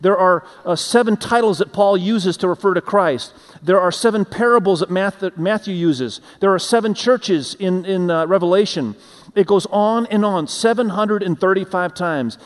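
Man preaching in a reverberant hall. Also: moderate pace. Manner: earnest preaching, often dropping soft and low for emphasis. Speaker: pastor. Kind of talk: sermon. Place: church sanctuary. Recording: long reverb of a large hall.

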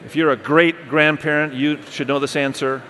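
A middle-aged male pastor preaching a sermon, animated, asking the congregation questions and speaking straight to them. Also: on the high side, normal speed, slight background noise. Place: church auditorium. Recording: long hall reverb.

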